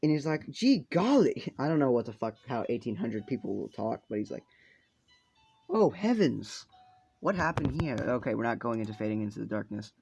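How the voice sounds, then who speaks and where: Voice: medium pitch, steady tone, fast talker, gravelly, hardly any pauses, dark tone, breathy edge, low-quality recording. A storyteller improvising a fan-fiction tale in a rambling, casual way, full of fillers and swearing, over faint game music. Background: faint video game music.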